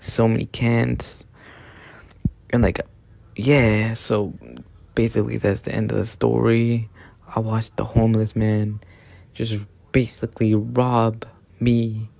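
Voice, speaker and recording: A young man tells a story in a casual, rambling way and leans on "like" constantly. His voice stays flat and gravelly. The sound is dry and close. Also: mid-range voice, dry recording. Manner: rambling, lots of "like".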